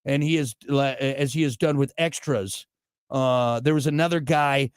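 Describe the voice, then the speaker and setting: A man hosting a podcast in casual chat, ranting with animated, mock-outraged energy. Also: medium pitch, moderate pace, clean tone, no room sound, clean studio sound. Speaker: podcast host.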